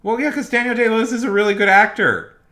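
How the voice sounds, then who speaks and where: A man's voice: high voice, quick pace, bright, forceful tone. A man livestreaming casual, rambling commentary, emphatic and repeating his points. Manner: emphatic, repeats himself, restarts often. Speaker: streamer.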